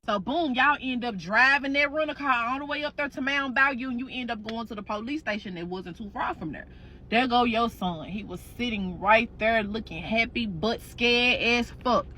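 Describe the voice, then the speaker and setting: A woman spins a dramatic story with slang, swearing and lively energy. Her voice sits high and sounds sharp and bright. The delivery is loose and chatty. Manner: slangy, animated, profane. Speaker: storytime host. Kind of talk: casual storytelling.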